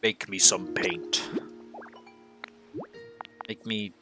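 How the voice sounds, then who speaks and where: A man's voice: lowish voice, steady tone, extremely slow. A man streaming a game who chats casually, swears freely, laughs often and thinks aloud. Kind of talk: casual gameplay chat. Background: game music.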